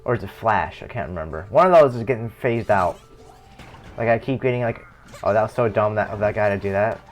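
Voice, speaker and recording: With faint music behind him, a young man rambles casually on a live game stream, correcting himself and chuckling as he plays. His voice is fairly low and his pace fairly quick.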